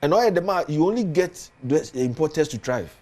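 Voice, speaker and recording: A man's voice: fairly high pitch, lively intonation, moderate pace, a little mellow. A man with a Ghanaian accent, a politician guest on a studio talk show, speaking earnestly and building emphasis as he lists points.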